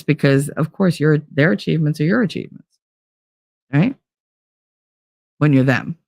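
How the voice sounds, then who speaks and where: A woman's voice: sits low, darkish tone, dry recording, studio quality. A woman hosting a podcast, talking in a casual monologue with blunt, profane emphasis. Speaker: podcast host.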